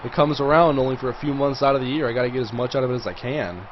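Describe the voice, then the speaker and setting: A man's voice: mid-range voice, rapid-fire, dull audio, slight background noise. Chatty man calling his own game live. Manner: chatty, reacts loudly to big plays. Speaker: livestream host. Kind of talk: live gameplay commentary.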